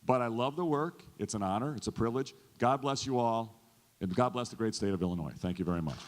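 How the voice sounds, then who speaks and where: A man's voice: mid-range voice, fast talker, a little hiss or hum. A man in his fifties, a state governor, giving an earnest, folksy stump speech that often repeats itself. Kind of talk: stump speech to a chamber audience. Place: large event hall. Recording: long hall reverb.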